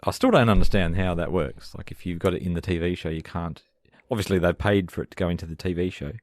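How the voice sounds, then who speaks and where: A man co-hosting a podcast, chatting about a sitcom in a relaxed, agreeable way. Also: deep voice, fast, no echo, clean studio sound. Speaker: podcast co-host. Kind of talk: casual podcast chat.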